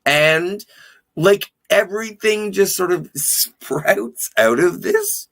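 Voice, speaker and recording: A man's voice: high-pitched, expressive, takes it slowly, vocal fry, fairly bright tone. A man co-hosting a podcast, chatting enthusiastically about a TV episode with jokey, profane asides. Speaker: podcast co-host. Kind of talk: casual chat recapping a TV episode.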